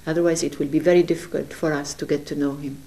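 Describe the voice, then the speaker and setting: A woman speaks in a low, mellow voice, sharing a personal spiritual testimony from her home. She is earnest and gentle and sometimes pauses to search for words. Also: level tone. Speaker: religious speaker.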